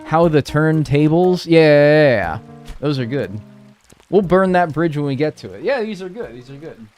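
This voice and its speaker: A man's voice: a little high, expressive, moderate pace, darkish tone, faint music behind. A young man streaming a video game, chatting casually and rambling, swearing freely as he talks. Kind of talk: casual stream chat while playing.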